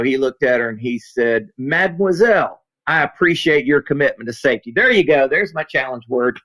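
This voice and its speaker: Male consultant, folksy and animated, spins anecdotes in conversation. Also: medium pitch, rough recording. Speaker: safety consultant and author. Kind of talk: storytelling in a podcast interview.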